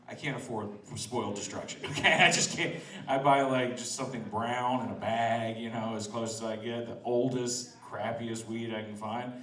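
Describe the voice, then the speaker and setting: Stand-up guy cracking himself up, mid-pitch voice, echoey and picked up from a distance. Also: steady tone, normal speed, few pauses, a bit bright. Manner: loose, laughing, crowd-teasing delivery. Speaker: stand-up comedian. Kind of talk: open-mic stand-up set. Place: outdoors in front of a restaurant.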